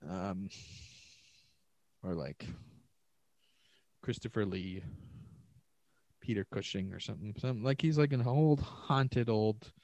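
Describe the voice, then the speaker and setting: Fairly low and darkish, this man's voice moves slowly with long pauses and no room sound. Hosting a podcast by himself and miked closely, he delivers a rambling monologue that's profane, sarcastic and loose.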